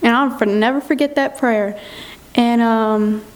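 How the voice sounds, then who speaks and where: A woman's voice: fairly high pitch, a little slow. A woman giving a chatty personal testimony in church, retelling events with lots of quoted dialogue. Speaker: youth group member giving testimony. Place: church sanctuary.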